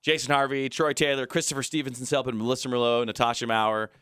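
A man's voice: medium pitch, little pitch movement, quick pace, a bit bright, clear, resonant tone, dry recording. A man who writes and produces a local comedy series, talking casually and jokingly on a podcast. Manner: jokey, puts on a mock Russian accent at times.

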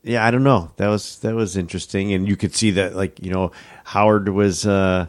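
Deep, gravelly male co-host, laid-back and sardonic, dry sound. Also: steady tone, moderate pace, dry recording. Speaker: podcast co-host. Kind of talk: casual movie recap chat.

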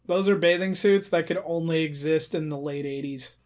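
A man's voice: on the high side, normal speed. A man co-hosting a podcast, giving casual commentary on a movie with dry, observational remarks. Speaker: podcast co-host.

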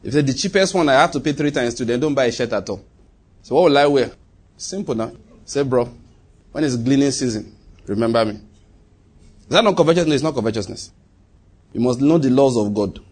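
A man preaching a sermon, emphatic and repetitive, swinging between loud bursts and quiet asides. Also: mid-range voice, lively intonation, a little fast, long pauses, breathy edge. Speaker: pastor.

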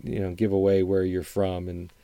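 Low mellow man, dry close sound. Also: completely flat delivery, moderate pace, clean tone, no room sound. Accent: faint upper Midwestern American. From Wisconsin, upper Midwest US. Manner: thoughtful, rambling, frequent restarts and fillers. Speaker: podcast host reviewing songs. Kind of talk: casual solo commentary.

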